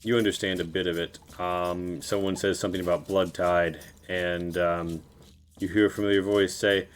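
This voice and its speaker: A man's voice: low voice, flat delivery, normal speed, clean tone. A man narrating as game master of a tabletop game, rambling loosely with many fillers.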